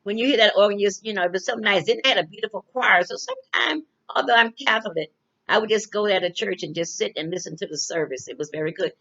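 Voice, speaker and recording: Older woman, mid-pitched, casual rambling storyteller who repeats lines; muffled lo-fi audio. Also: fast, a bit bright. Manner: rambling, repeats phrases, restarts often. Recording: dull lo-fi recording.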